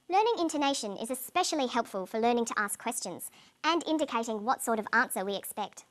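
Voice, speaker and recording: A woman with a slightly high voice narrates a scripted English lesson. She explains each point clearly and plainly. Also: lively intonation, quick pace. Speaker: English teacher.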